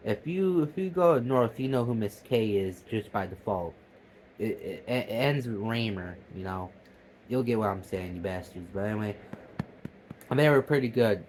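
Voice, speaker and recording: A man's voice: medium pitch, darkish tone, slight background noise, low-quality recording. A young man vlogging at home, telling a rambling story with lots of swearing and stammered restarts. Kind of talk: casual storytelling.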